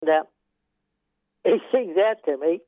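A man's voice: on the high side, animated, unhurried, dry recording. An older Australian man's voice comes through a thin, phone-like line, dry and close, with no room sound around it. He spins rambling racetrack yarns, chuckling often and dropping "yeah" between every thought. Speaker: retired horse trainer. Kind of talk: casual storytelling interview.

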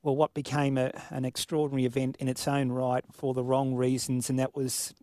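A man asking measured questions as the interviewer. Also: mid-range voice, completely flat delivery, dark tone, no echo, studio quality.

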